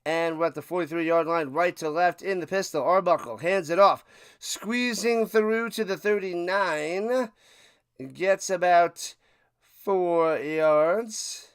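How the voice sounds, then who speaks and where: Chatty high-voiced man calling plays. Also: takes it slowly, smooth, dry recording. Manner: chatty, jokey, calls plays in bursts of excitement. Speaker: livestream play-by-play host. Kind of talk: casual play-by-play watch party commentary.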